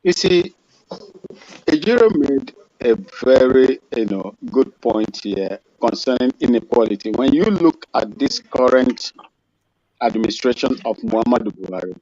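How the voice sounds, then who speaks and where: A man's voice: medium pitch, lively intonation, a little slow, a little mellow. A man in an online discussion who stumbles over restarts as he pushes to make his point. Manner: stammering restarts, pushes to speak. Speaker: panel participant. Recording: dry, dull lo-fi line.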